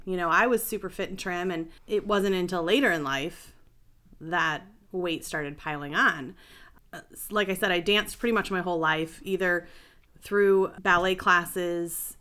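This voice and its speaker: Middle-aged female guest, low bright voice, rambling and self-deprecating storyteller. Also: smooth. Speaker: podcast guest, health and life coach. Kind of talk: casual interview storytelling.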